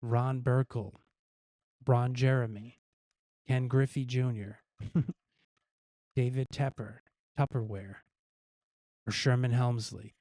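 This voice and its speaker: Mellow-voiced man hosting a jokey quiz. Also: mid-range voice, fairly even intonation, slow pace, pauses often, no room sound. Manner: jokey, reads quiz questions aloud and guesses the answers himself; chuckles at his own gag answers. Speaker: news show host. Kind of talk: casual live-stream news quiz.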